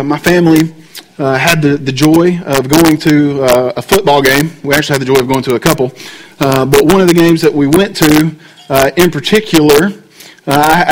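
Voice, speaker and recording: A man's voice: on the high side, slight background noise, low-quality recording. A man in his thirties or forties, a pastor who preaches in a casual, storytelling way and keeps checking in with the congregation. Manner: conversational, animated, asks the congregation frequent checks like "right?". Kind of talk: sermon with storytelling.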